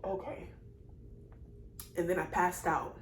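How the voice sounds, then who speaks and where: A woman's voice: low-pitched, moderate pace. A young woman in her early twenties telling a personal story to her viewers, rambling and repeating herself, emotional and apologetic. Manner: rambling and repetitive, speaks straight to viewers; emotional, apologizing and laughing through tears. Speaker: vlogger. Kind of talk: casual personal storytelling to camera. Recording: echoey room with faint noise.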